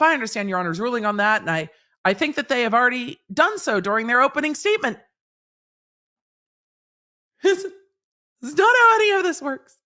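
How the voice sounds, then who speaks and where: A woman's voice: a little high, bright, forceful tone. A woman lawyer hosting a stream, reading court transcripts aloud and breaking them down in a blunt, sarcastic, lecturing way with everyday examples and casual swearing. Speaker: lawyer commentator and show host.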